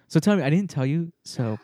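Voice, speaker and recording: A man co-hosting a casual podcast tells a story animatedly, swearing freely and acting out voices. His voice is on the high side, with clean studio sound and no echo.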